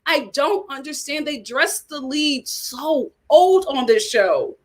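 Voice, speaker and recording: A woman ranting as a reality TV commentator, talking in an animated, exasperated way. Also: high voice, takes it slowly. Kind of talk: casual chat.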